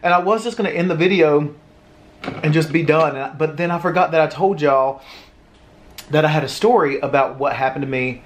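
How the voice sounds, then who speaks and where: A man's voice: on the high side, slight background noise. A man chatting casually to viewers in a mukbang, sighing and suffering from spicy food. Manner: chatty, drawn-out sighs, informal. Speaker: food vlogger.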